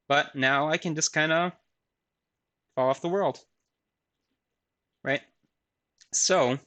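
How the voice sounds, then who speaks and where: A man giving a recorded university lecture with a live software demo, talking casually with frequent fillers and self-deprecating asides. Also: mid-range voice.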